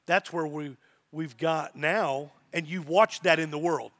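A man's voice: on the high side, steady tone, measured pace, a bit bright. A middle-aged man, a pastor, preaching a sermon with emphasis and repeated phrases.

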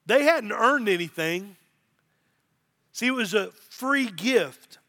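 A man's voice: high-pitched, lively intonation, slow pace, pushed and bright. A middle-aged man, a pastor, preaching a sermon with emphasis and repeated phrases.

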